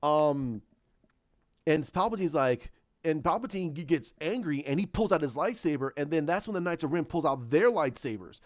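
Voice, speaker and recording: A man's voice: a little high, lively intonation, normal speed, no echo, dull audio. A man in a casual fan retelling, rambling along with many restarts. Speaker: fan commentator.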